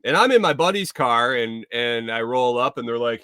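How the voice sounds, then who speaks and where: A man's voice: medium pitch, lively intonation, moderate pace, few pauses, sharp tone, clear, resonant tone, dry recording, clean studio sound. A man hosting a podcast, talking in a rambling, jokey, profane casual monologue. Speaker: podcast host.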